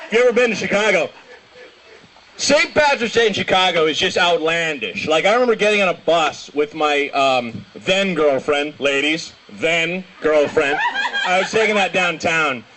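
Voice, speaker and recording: A young man doing a stand-up comedy set, telling rambling stories and breaking into shouted impressions. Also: on the high side. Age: young adult. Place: small comedy show venue.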